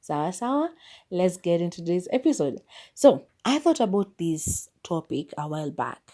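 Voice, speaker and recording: Solo podcast host: young Kenyan woman, mellow and slightly low-pitched, chatty and animated. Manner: chatty, animated storytelling with quick asides. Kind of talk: casual solo podcast monologue.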